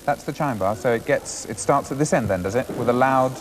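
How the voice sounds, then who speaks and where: A man presenting a classroom music lesson to primary school children, asking brisk, encouraging questions. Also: mid-range voice. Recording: 1980s schools TV, reverberant school hall, faint hiss.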